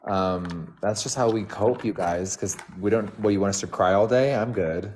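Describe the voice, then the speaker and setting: A man with a very deep voice chats casually on a phone live stream, with faint hiss behind him. He is blunt and joking and swears without a second thought. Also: normal speed, a little mellow. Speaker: livestream guest. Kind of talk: casual livestream chat.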